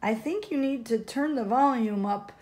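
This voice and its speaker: A woman's voice: a little high, normal speed, darkish tone, lightly acted. A woman reading as a pleading little boy. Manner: pleading, earnest. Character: young boy stalling at bedtime.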